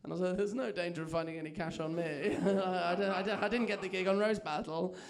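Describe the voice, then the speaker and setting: A man's voice: high-pitched, fairly even intonation, quick pace, gravelly, crowd noise. A young man doing a chatty, self-mocking stand-up set on a comedy club stage, telling stories with lots of energy.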